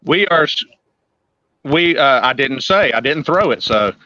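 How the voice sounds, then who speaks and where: A man's voice: medium pitch, lively intonation, measured pace, pushed and bright. A man who is a pastor, chatting on a video call in short, easygoing remarks. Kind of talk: casual video-call chat. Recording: dull lo-fi call audio.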